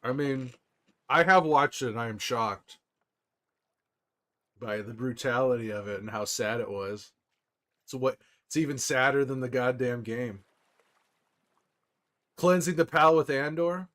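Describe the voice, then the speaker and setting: A man livestreaming casually to his viewers, rambling excitedly with frequent restarts and laughs. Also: medium pitch, a little slow, pauses often. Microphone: desktop microphone.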